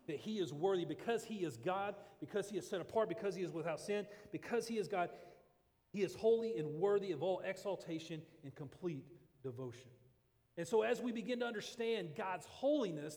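Guy preaching a sermon, kinda high voice, long hall reverb, earnest w lots of restarts. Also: a little mellow. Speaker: pastor.

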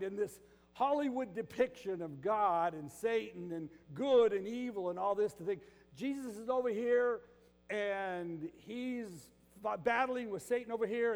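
Older pastor, swings from loud and emphatic to hushed, fairly high voice for a man, echoey hall. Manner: swings between loud emphatic bursts and quiet, hushed stretches. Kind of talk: sermon.

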